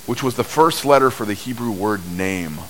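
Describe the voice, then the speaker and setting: A man preaching a sermon, telling stories at an unhurried pace with big swings in pitch and loudness. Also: expressive, rough recording. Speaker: pastor.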